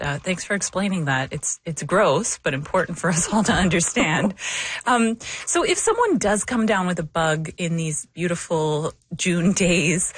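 A woman's voice: fairly low pitch, dry recording. A woman hosting a radio interview, friendly and conversational with a few hesitations. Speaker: radio host.

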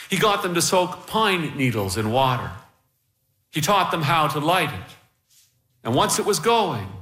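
Male storyteller, bright and expressive, unhurried; echoey room. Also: on the high side. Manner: slow, expressive, warmly paced narration. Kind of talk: storybook reading aloud.

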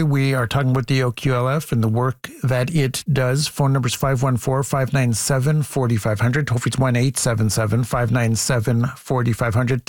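A man hosting a call-in radio show, brisk and measured as he reads phone numbers and takes calls. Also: mid-range voice, no echo, clean studio sound. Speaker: radio talk show host. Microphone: studio mic.

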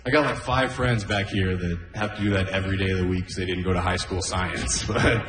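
Man, thirties, stand-up comedian, deadpan, self-deprecating, lowish voice, echoey club room. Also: fairly quick, background noise. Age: 30s. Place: open mic stage in a room. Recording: echoey room with long reverb.

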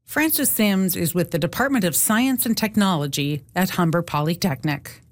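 A female reporter reading a scripted news feature in a measured storytelling delivery. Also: on the low side, expressive.

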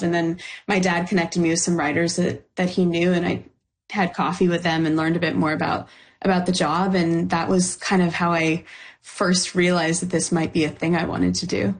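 A young woman screenwriter from Los Angeles talks through her story in a relaxed interview, animated and laughing easily. Her voice sits a touch low for a woman, and her speech is chatty and loose. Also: normal speed. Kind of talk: casual interview conversation.

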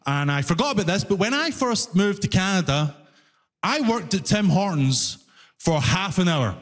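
High-voiced male comic on stage. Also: moderate pace, big-room sound. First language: not English. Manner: animated storyteller, breaks into laughter. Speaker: stand-up comedian. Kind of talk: stand-up comedy routine.

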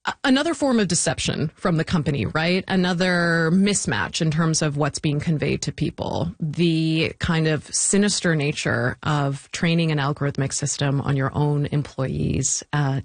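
An interview guest with a mid-range voice speaks thoughtfully and with energy, often restarting phrases and laughing briefly. The sound is close-miked and dry, with no room echo. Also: medium pitch. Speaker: interview guest, technology policy commentator. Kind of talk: conversational interview.

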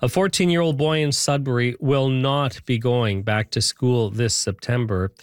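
A man reading the morning radio news in a measured, formal way. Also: mid-range voice, dry recording. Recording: dry close studio sound.

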